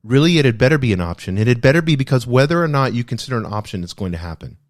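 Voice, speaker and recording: This man hosts a podcast and races through his thoughts on a self-help book, his medium-pitched voice full of lively intonation. His tone is earnest and reflective, with important phrases repeated to drive them home.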